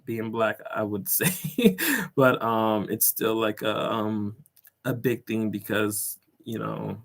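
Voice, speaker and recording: A man's voice: fairly low pitch, level tone, takes it slowly, creaky. A young man, a teacher working abroad, telling stories in a casual vlog, rambling and filling his talk with "like" and "um", with chuckles along the way. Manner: rambling, filler-heavy, full of "like" and "um".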